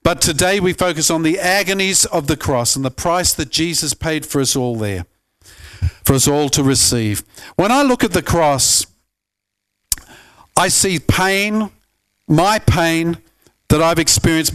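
A pastor earnestly preaching a sermon, often climbing to emphatic peaks and stumbling over repeated words. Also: male voice, on the high side, expressive, unhurried, a bit bright, clear, resonant tone.

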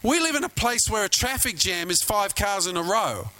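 Bright-voiced pastor preaching. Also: male voice, high-pitched, big pitch swings, normal speed, rough recording. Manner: storytelling, conversational, asks the congregation questions. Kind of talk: sermon.

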